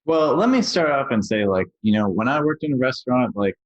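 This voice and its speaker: A man's voice: mid-range voice, expressive, a little fast. A man speaking as a podcast guest, explaining technical points plainly and casually with many fillers. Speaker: guest software engineer. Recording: dry, dull lo-fi sound.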